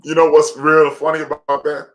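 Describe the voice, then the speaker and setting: Bright-voiced joking man host. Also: on the high side, normal speed. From Chicago. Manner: energetic, laughs loudly, joking. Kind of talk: live stream interview. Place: live stream video call.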